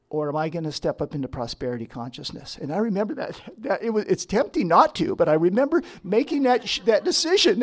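A middle-aged man, a counselor, telling a personal testimony story with frequent restarts. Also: on the high side. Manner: storytelling, acts out quotes, self-interrupting restarts. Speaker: licensed professional counselor.

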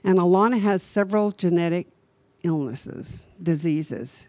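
A woman's voice: on the low side, a little slow, warm tone, no echo. Woman minister giving a conversational sermon. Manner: conversational, asks the congregation rhetorical questions. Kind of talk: sermon with storytelling.

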